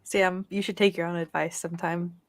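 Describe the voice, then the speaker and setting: A woman's voice: fairly low pitch, little pitch movement, a little fast. A woman co-hosting a casual gaming podcast, chatty and laughing often as she searches for names. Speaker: podcast co-host. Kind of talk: casual chat.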